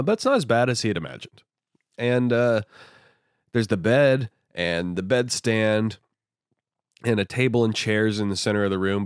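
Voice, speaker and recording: A man's voice: on the low side, no echo, studio quality. A man casually retelling a novel in an irreverent, sardonic way, swearing freely. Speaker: host, book reviewer. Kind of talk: casual profane book retelling.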